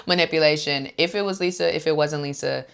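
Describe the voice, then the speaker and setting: Low-voiced chatty woman recapping reality TV. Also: expressive, normal speed, vocal fry, fairly bright tone, smooth. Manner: chatty and opinionated, acts out quotes. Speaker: host.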